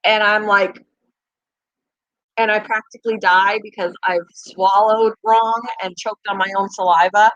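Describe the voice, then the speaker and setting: A woman's voice: medium pitch, little pitch movement, unhurried, fairly bright tone, no room sound, muffled recording. A middle-aged woman hosting her own channel, chatting casually with viewers, self-mocking and laughing often. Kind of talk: casual chat.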